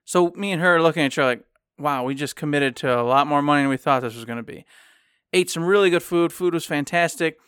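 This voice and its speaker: A man from Michigan, co-hosting a podcast and telling a rambling, animated story in casual chat, acting out the people he quotes. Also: a little high, fast talker, smooth, dry recording, clean studio sound. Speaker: podcast co-host.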